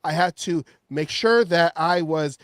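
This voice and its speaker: A man's voice: on the high side, a little slow, fairly bright tone, dry recording, clean studio sound. A man playing a rookie quarterback spouting cosmic buzzwords. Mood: grandiose. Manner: grandiose, rambling buzzwords. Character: young male quarterback spouting lofty cosmic jargon.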